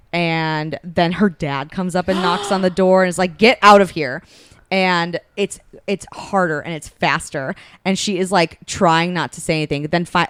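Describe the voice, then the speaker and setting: A young woman with a low, smooth voice chats casually on a podcast while retelling a romance plot. She slips into the characters' lines as she goes, and the sound is dry and close to the mic. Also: no room sound. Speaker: podcast co-host.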